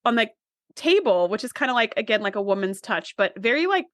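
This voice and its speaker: A woman co-hosting a podcast, telling the story of an episode in casual chat and acting out the lines as she goes. Her voice sits on the higher side and sounds close and dry, with no room around it. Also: brisk, dry recording. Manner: animated storyteller, acts out quotes. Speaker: podcast co-host.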